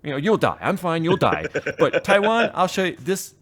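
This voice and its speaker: A man's voice: a little high, wildly swooping pitch, moderate pace, a bit bright, voice pushed up, exaggerated voice. A man doing a pushy foreign guy. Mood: insistent. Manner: choppy broken English, insistent. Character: pushy foreign man, broken English, adult.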